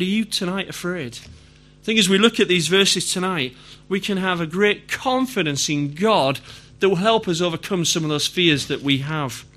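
A middle-aged man from Yorkshire, England, preaches a sermon in a conversational style, posing questions to the congregation. He speaks with a Yorkshire English accent in a high, slightly bright voice.

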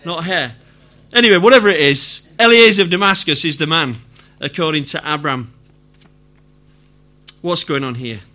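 Delivering a sermon to his congregation, a middle-aged man from Yorkshire speaks with a Yorkshire English accent in a high, bright, forceful voice. His chatty style is full of questions for the listeners, at a moderate pace with frequent pauses.

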